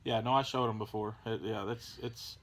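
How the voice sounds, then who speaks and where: A man with a Southern American twang talks in a bright, forward tone, hosting a relaxed home video chat. He rambles and trips over his words, restarting sentences as he goes. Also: lowish voice, normal speed, slight background noise. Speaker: co-host. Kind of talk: casual chat.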